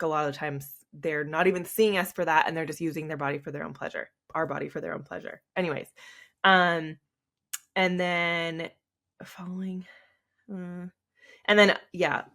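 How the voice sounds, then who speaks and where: A woman's voice: low voice, a bit bright. A young adult woman hosting a solo podcast, talking candidly and tearfully with many fillers. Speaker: podcast host.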